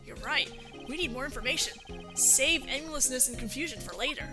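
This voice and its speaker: A woman's voice: high-pitched, expressive, brisk. A woman voicing a dry, sarcastic young male defense lawyer, reading game dialogue aloud. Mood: wry. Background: game music.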